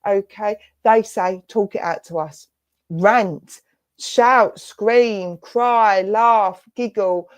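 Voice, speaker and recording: An English woman speaks as a spiritualist medium, passing on messages in a soft, comforting, affectionate way. Her voice sits at an ordinary middle pitch for a woman. The sound is dry and close, with hardly any room around it. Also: extremely slow, no room sound. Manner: soft, reassuring, affectionate, addresses listener as darling and lovely. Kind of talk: clairvoyant reading in an online church service. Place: church service streamed online.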